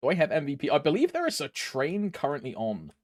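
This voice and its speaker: A man's voice: fairly high pitch, wildly swooping pitch, a little fast, no echo. A young man streaming a game, chatting casually in a rambling way, laughing often and calling his viewers bro. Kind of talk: casual chat while gaming.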